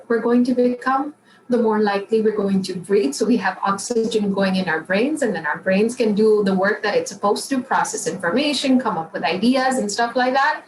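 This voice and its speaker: A woman emotional intelligence coach answering interview questions in a calm, encouraging way and repeating affirmations. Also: fairly high pitch. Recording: roomy, distant mic, faint background noise.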